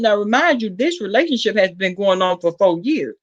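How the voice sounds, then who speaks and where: A vlogger with a Southern US accent tells her viewers a gossipy story, acting out the quotes with big, sudden pitch jumps. She talks at a normal speed with hardly any pauses, and the sound is lo-fi.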